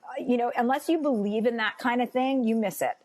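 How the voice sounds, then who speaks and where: A woman's voice: a little high, brisk, darkish tone. A woman podcast guest in casual chat, earnest and reflective as she talks through her beliefs. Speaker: podcast guest, comedian and author.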